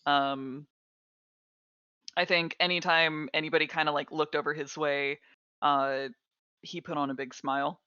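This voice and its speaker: Low-pitched, bright-voiced woman player. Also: little pitch movement, clean tone, no room sound. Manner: slow, thoughtful, with hesitations. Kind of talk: describing her character in a tabletop game. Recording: dull, dry lo-fi mic.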